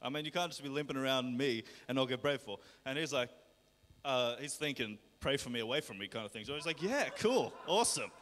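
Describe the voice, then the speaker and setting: A man's voice: mid-range voice, animated, brisk, a bit bright. Chatty man telling a story in a church hall. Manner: chatty storyteller, laughing often, then commanding in prayer. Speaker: worship leader sharing a healing testimony. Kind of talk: live church testimony and healing prayer. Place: large church hall, live service. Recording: long hall reverb.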